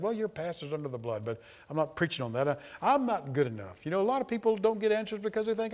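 A man preaching a sermon, emphatic and repetitive, swinging between loud stresses and hushed asides. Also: a little high, very animated, fast, hardly any pauses, long reverb tail.

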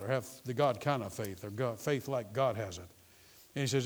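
A man's voice: medium pitch, normal speed. A male preacher delivering an emphatic, repetitive sermon punctuated by exclamations of praise. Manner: emphatic, repetitive, bursts of "Glory to God".

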